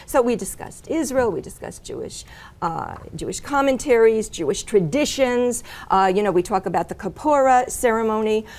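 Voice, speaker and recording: A middle-aged woman recounts her testimony in an earnest, storytelling way. Her voice sits a little high for a woman. She fills her pauses often as she goes. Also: expressive, darkish tone. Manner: earnest storytelling with frequent fillers. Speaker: guest sharing her testimony. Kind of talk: personal testimony in conversation.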